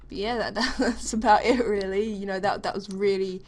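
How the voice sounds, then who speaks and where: A woman's voice: mid-range voice, steady tone, fairly quick, darkish tone. A young woman telling a school story in a loose, rambling way, full of fillers and casual swearing, while she plays a game. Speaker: gaming vlogger. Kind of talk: casual storytelling over gameplay.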